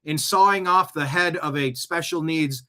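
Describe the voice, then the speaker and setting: A male show host who reacts to news clips with animated, sarcastic rants. His voice sits fairly high and sounds bright and forceful. He argues back at what he is watching. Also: moderate pace. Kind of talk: political commentary reacting to clips.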